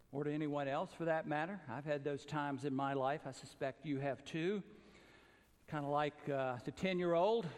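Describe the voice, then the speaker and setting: Earnest Southern-raised preacher in a reverberant church. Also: male voice. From American South. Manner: earnest, rising to emphatic calls then dropping low and soft. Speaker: pastor. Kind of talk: sermon.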